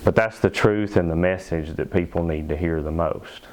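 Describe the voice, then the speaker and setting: A man preaching a sermon as pastor in a church, emphatic, slowing down to stress key phrases. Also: low-pitched. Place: church sanctuary.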